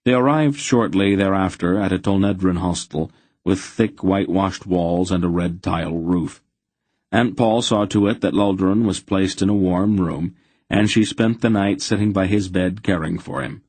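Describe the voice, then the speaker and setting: A man with a very low, husky voice narrates an audiobook in a steady, even manner. The recording is dry and close, with no room sound. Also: moderate pace, dry recording. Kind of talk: scripted narration.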